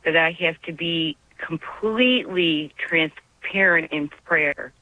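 A woman's voice: deep voice, takes it slowly, slight background noise. A woman calling in to a radio show, talking in an earnest, emotional, devout way. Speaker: caller. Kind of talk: call-in radio conversation. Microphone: phone. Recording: dull dry phone line.

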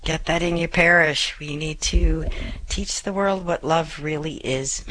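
A woman hosting a call-in radio advice show, talking fast and chatty and clearing her throat often, a little throaty from choking on saliva. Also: sits low, steady tone, fairly bright tone, rough recording. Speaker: radio advice show host and life coach.

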